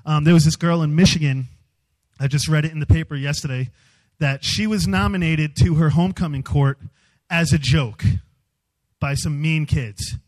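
A man speaking as a youth speaker, giving a humorous storytelling sermon in an animated, self-mocking way. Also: a little high, normal speed, rough recording.

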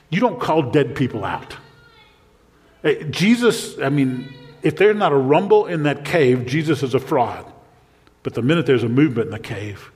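Animated preaching man, reverberant hall. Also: on the high side. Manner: animated preaching, swinging from hushed to loud exclamations. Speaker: pastor. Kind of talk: sermon. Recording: long reverb of a large hall.

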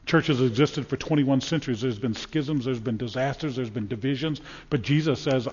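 A man preaching a sermon from the pulpit of a church, emphatic and dramatic, swinging from loud declarations to hushed, solemn lines. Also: mid-range voice, fairly quick, hardly any pauses, slightly rough, big-room sound, lo-fi sound. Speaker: pastor. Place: church sanctuary.

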